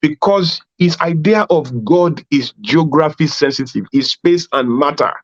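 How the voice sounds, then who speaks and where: A man's voice: on the high side, a little slow. Emphatic man preaching, lo-fi sound. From Nigeria. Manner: emphatic, repeats phrases, acts out dialogues with rising voice. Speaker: speaker at a youth conference. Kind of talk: preaching talk. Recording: dull lo-fi sound.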